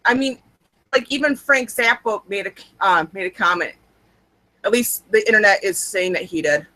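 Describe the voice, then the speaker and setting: A young adult woman co-hosts a podcast, chatting casually in a rambling, wry, self-mocking manner. Her medium-pitched voice sounds pushed and bright at a moderate pace. The audio is poor, though there is no echo.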